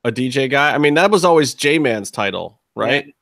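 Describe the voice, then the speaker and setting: A man's voice: mid-range voice, animated, normal speed, creaky, fairly bright tone, no room sound, clean studio sound. A man co-hosting a wrestling podcast, laughing and teasing the others. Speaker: podcast co-host. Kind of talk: casual banter.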